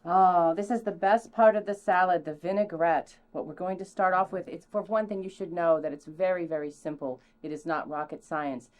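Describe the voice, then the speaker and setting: A woman's voice: fairly even intonation, moderate pace, few pauses, darkish tone. Playful woman hosting a cooking show. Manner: theatrical, playful, bursts into high exclamations; sprinkles in mock French phrases. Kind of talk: casual cooking demonstration.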